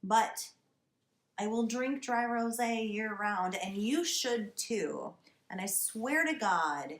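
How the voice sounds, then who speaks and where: Slow, wry woman ranting in an echoey cellar. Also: on the high side, lively intonation, a bit bright. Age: 30s. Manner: wry, emphatic, exasperated ranting. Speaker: wine show host. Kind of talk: casual comic monologue to camera. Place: basement wine cellar with a space heater. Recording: roomy echo.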